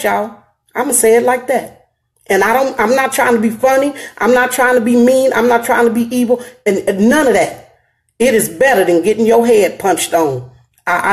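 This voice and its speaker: A woman's voice: on the high side, a little mellow. A middle-aged woman with an African American Vernacular English accent, hosting a live stream and giving earnest advice straight to her viewers, emphatic and repeating her phrases.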